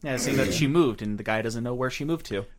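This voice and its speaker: A man co-hosting a casual podcast, talking about a film in a blunt, offhand way. He speaks quickly at an ordinary middle pitch. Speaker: podcast co-host. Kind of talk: casual chat about a movie.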